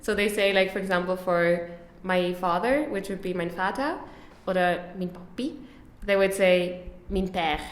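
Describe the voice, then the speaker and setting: A young woman from Switzerland talks loosely and quickly as a podcast guest, often laughing and poking fun at herself. Her voice sits at a middle pitch. The room around her has a clear echo. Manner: chatty, laughs often, self-deprecating. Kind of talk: casual interview chat.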